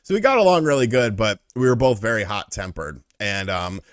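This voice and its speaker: A man hosting a casual interview, telling stories in an animated, profane way. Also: lowish voice, a little fast, dry recording, clean studio sound. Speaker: host.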